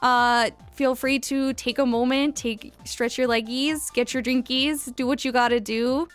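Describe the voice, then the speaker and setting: Over faint background music, a young woman with a high-sitting, smooth voice speaks unhurriedly and with fairly even intonation. She's chatting casually during a gaming live stream, giggling, thanking followers and reading game lines out loud.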